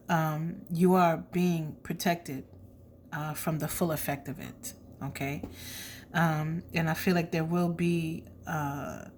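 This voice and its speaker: A woman gives a casual tarot reading in a blunt, chatty style with slang asides, dropping to a soft whisper when she asks spirit. Her voice sits on the low side, with a little hiss or hum in the audio.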